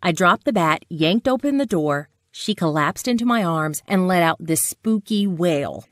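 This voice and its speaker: A woman narrating a dating-advice sales pitch as a dramatic personal story. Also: animated, measured pace, no echo, studio quality.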